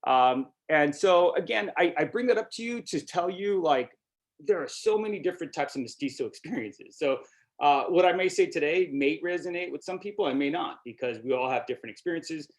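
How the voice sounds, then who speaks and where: Middle-aged male presenter, relaxed conversational delivery with frequent "you know" and "right?" tags, workshop talk on a video call. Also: a little high, a little fast.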